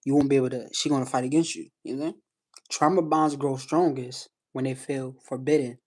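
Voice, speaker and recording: A man's voice: mid-range voice, steady tone, a little fast, a little mellow. Emphatic man coaching callers live. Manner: emphatic, repeats "you know what I'm saying". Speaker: live stream host giving advice. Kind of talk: casual coaching talk to callers.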